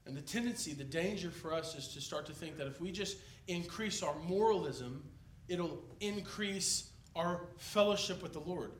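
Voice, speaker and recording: A man preaching an expository sermon in a conversational, animated way, acting out the people in the story. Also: a little high, moderate pace, hardly any pauses, a little hiss or hum. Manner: animated, conversational, acts out biblical characters. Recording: echoey room, mic at a distance.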